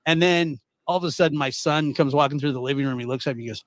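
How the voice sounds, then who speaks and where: A man's voice: a little high, quick pace, dry recording. A man telling a story in casual chat, acting out both sides of an argument. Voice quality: animated, acts out both sides of a quoted argument.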